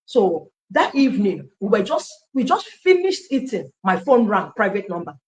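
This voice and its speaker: A Nigerian woman recounts her own story as an interview guest, acting out the dialogue of the people she quotes. She talks animatedly at a mid pitch and often slips into Pidgin. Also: very animated, normal speed. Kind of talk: personal testimony in an interview.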